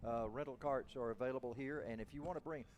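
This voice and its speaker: A man's voice: medium pitch, quick pace, background noise. A man in his seventies hosting a show, chatting casually and laughing often with his guest. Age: 70s. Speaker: host. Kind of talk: casual broadcast chat.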